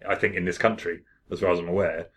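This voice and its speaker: A man's voice: low-pitched, flat delivery, fast talker, fairly bright tone. A man co-hosting a podcast, telling stories in casual chat with lots of jokes and laughter. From Britain. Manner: jokey, laughs often, storytelling. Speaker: podcast co-host.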